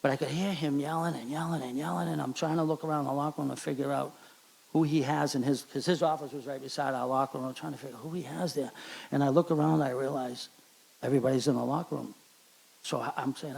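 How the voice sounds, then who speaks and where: A middle-aged man with a Boston accent giving an emotional hall of fame acceptance speech at a banquet, halting and repeating words. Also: on the high side, steady tone, vocal fry, darkish tone, breathy edge. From Charlestown, Boston.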